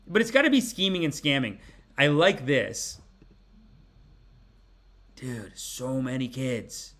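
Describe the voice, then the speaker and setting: A man in his forties hosting a podcast, giving rambling, animated, mock-preachy comic commentary. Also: medium pitch, takes it slowly, pauses often. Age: 40s. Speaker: podcast host. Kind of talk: comedic commentary.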